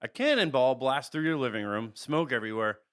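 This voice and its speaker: A man co-hosting a podcast, reading an absurd scenario aloud with a deadpan delivery. His voice is bright, at a middling pitch for a man. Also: a little fast, smooth. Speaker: podcast co-host. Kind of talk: reading a comic scenario script in casual chat.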